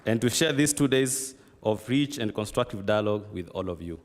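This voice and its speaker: A man's voice: on the low side, lively intonation, normal speed, a crowd in the background, noisy background. A man serving as master of ceremonies, closing a conference in a polite, formal way with frequent fillers. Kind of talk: formal event hosting. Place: conference hall. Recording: long hall reverb.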